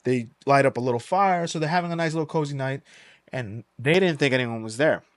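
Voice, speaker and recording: A young man spins a story on a podcast, loose and animated, dropping swear words as he goes. His voice sits at an ordinary middle pitch. The recording is close and dry, with no room sound. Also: brisk, no room sound. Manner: animated, swears freely, acts out quoted voices. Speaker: podcast host. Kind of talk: casual storytelling.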